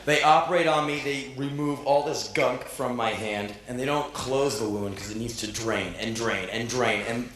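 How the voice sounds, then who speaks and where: A man in his thirties performing live spoken word, telling a story in an animated, profane, self-mocking way and acting out the voices of others. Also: mid-range voice, moderate pace, few pauses, reverberant, slight background noise. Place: stage before a live audience.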